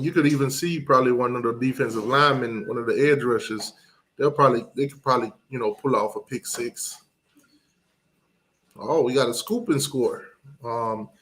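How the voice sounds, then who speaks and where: Laid-back man hosting a sports stream. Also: mid-range voice. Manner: relaxed, musing, lots of ums, reads out chat picks. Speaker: live stream host. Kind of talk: casual sports talk stream.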